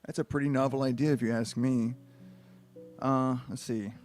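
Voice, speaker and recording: A man's voice: mid-range voice, steady tone, normal speed, darkish tone, faint music behind. A man reading a book aloud on a livestream, with rambling, profane, exasperated asides. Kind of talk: comedic read-aloud livestream.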